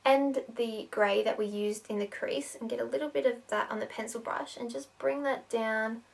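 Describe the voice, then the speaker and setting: Woman, makeup tutorial host, chatty, slightly high-pitched, sounds a little distant from the mic. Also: steady tone, normal speed, vocal fry. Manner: chatty, lots of "sort of" fillers.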